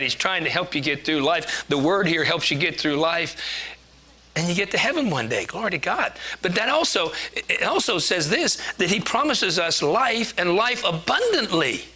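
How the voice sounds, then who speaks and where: Bright-voiced man preaching casually. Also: a little high. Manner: chatty, jokes and laughs at himself. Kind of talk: conversational sermon.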